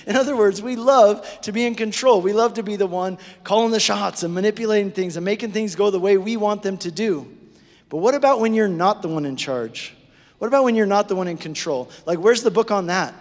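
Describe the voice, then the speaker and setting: A man preaching a sermon to his congregation, conversational and animated, often checking in with them. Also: sits high. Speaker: pastor. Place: church sanctuary. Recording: preached in a hall with long reverb.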